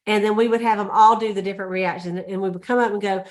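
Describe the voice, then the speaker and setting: A woman's voice: mid-range voice, steady tone, fast, hardly any pauses. A middle-aged or older woman, leading a sales meeting in a casual, chatty way and acting out little scenes. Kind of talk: casual motivational talk.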